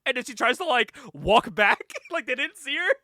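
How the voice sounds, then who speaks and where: High, bright-voiced man recapping excitedly. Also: a little slow, dry recording, clean studio sound. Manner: animated storytelling, laughs often, acts out lines. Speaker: podcast host. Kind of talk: casual chat recapping a movie.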